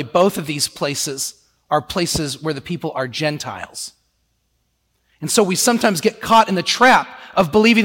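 A man preaching a sermon in a lively, conversational way, often slipping into quoted voices. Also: high voice, big-room sound.

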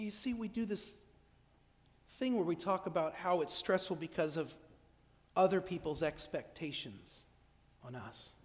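A pastor giving an evening sermon in a conversational way, acting out little scenes with quoted dialogue. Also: male voice, high voice, darkish tone. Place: church. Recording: echoey church hall.

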